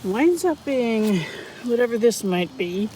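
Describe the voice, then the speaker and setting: A woman narrating her metal detecting finds outdoors on a wooded property in a chatty, excitable way, often correcting herself. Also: on the high side, slow, slight background noise, low-quality recording. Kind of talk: casual outdoor vlog narration.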